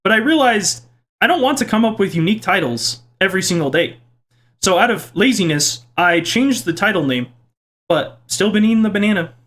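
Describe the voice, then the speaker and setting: A young man with a fairly high voice reads viewer comments aloud in a casual home video. He is playful and self-mocking, and his pitch jumps around as he jokes. He sounds like he is talking in his kitchen. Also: animated, brisk, fairly bright tone. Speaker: YouTuber reading viewer comments.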